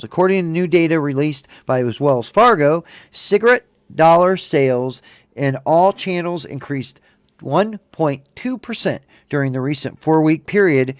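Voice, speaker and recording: A man's voice: fairly high pitch, expressive, a little slow, smooth, no room sound, clean studio sound. A man hosting a casual talk show, reading a news report and then ranting with lots of swearing. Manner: profane, ranting and indignant. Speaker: show host.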